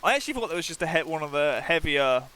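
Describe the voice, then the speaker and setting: A man's voice: a little high, very animated, quick pace, sharp tone, clean tone. A man streaming a video game, chatting playfully and reading the game's text aloud, often restarting his sentences.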